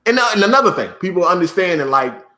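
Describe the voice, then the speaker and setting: A man's voice: sits high, sing-song, quick pace, sharp tone. A man ranting on his video channel, swearing often and hammering the same points over and over. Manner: profane, repetitive, emphatic ranting. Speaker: YouTuber. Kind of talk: vlog rant to camera.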